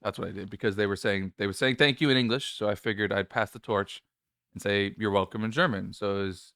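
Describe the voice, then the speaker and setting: A man's voice: fairly low pitch, steady tone, fast talker, a bit bright, no room sound, clean studio sound. A male podcast host telling a story in casual chat, nervous and rambling, with many restarts and a voice that cracks.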